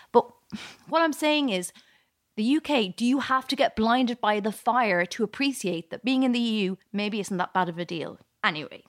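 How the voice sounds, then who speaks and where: A woman's voice: a little high, no room sound, clean studio sound. A woman comedian hosting a podcast, delivering a sarcastic political monologue and laughing at her own jokes.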